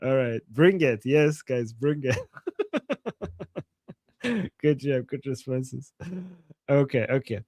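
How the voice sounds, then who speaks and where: Speaking slowly and pausing often, this man has a mid-range, somewhat mellow voice, with a bit of background noise behind him. He co-hosts a live political stream, mocking things theatrically with sarcastic remarks and frequent laughter.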